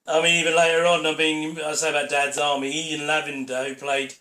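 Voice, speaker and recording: A man's voice: a little high, little pitch movement, a little fast, hardly any pauses, bright, forceful tone. A man giving a rambling, opinionated audio commentary over a sitcom episode on his channel. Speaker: channel host. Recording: roomy echo.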